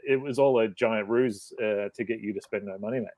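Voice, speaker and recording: A man's voice: on the low side, brisk, darkish tone, no echo. A man co-hosting a casual podcast chat, teasing his friends with dry humor. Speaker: podcast co-host.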